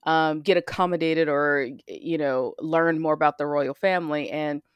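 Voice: mid-range voice, fairly even intonation, normal speed, clear, resonant tone, dry recording. A podcast co-host from the United States in casual chat, talking freely and often restarting sentences. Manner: chatty, trails off and restarts.

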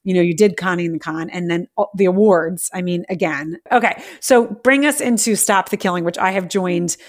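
A woman host with a slightly low voice interviews a guest in casual podcast talk. She affirms the guest often and drifts into loose, rambling asides before handing the talk back. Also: a little fast.

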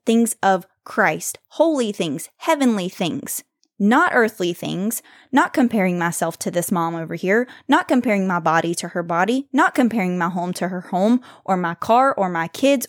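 A woman's voice: on the high side, dry recording, studio quality. Earnest woman giving a devotional talk. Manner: earnest, reassuring, reads scripture slowly with emphasis. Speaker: faith podcast host.

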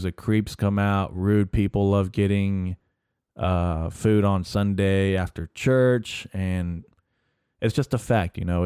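A man with a lowish, smooth voice, recorded dry and close, hosting a casual solo podcast rant. He rambles and swears constantly, with plenty of "uh"s and restarts. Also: dark tone, no echo. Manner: profane, rambling, heavy swearing; filler-heavy, restarts often. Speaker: podcast host.

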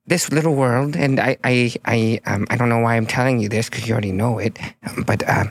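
A man's voice: mid-range voice, no echo, lightly acted. A man voicing a timid young male gnome fisherman who rambles and hesitates. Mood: wistful. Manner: halting, rambling and unsure.

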